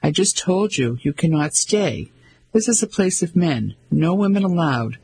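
A man's voice: on the high side, animated, unhurried, vocal fry, a little mellow, slightly rough, heavily acted. A man doing a stern, curt young monk. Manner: curt, commanding.

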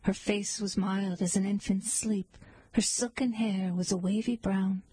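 A woman reciting verse at an unhurried, drawn-out pace. Her voice is mellow and a little husky, and it sounds close and dry. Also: mid-range voice, fairly even intonation, dry recording, rough recording. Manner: measured, lilting recitation. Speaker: poetry reader. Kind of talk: slow recited poetry reading.

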